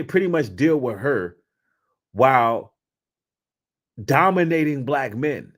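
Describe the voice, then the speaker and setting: 男性の動画リアクション解説者、あざけるような口調. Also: male voice. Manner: animated, mocking, swings from low mutters to loud outbursts. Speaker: commentator reacting to clips. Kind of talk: casual reaction commentary.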